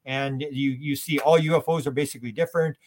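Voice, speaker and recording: A man's voice: mid-range voice, fairly even intonation, quick pace, darkish tone. An older man from Canada, a guest in a conversational interview, telling stories animatedly and acting out the voices of the people he quotes.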